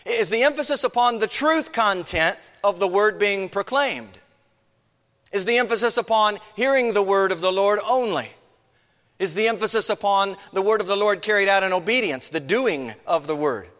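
A man's voice: high voice, moderate pace, a bit bright, in a large hall. A man preaching a sermon as pastor, earnest, with many rhetorical questions.

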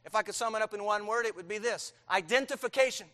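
A male pastor preaching in a high, bright, ringing voice. He presses his points with rhetorical questions and sudden emphatic bursts. His words carry a long reverb from a large church hall. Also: steady tone, rapid-fire. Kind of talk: sermon.

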